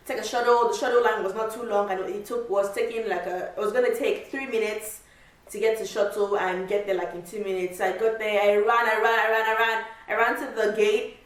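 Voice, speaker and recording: A woman vlogger telling a travel story in a casual, animated way, with lots of repeats and filler words. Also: medium pitch. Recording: echoey room, mic far off.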